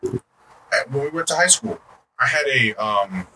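A man co-hosting a casual podcast, telling stories in an animated, rambling way full of fillers. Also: mid-range voice, moderate pace. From United States. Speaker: podcast co-host. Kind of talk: casual chat. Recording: distant mic, faint background noise.

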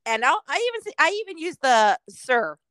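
A woman's voice: sits high, very animated, fairly quick, a bit bright, no echo, poor audio. Middle-aged woman in casual podcast chat. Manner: chatty, laughing often, quoting others in voices. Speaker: podcast co-host.

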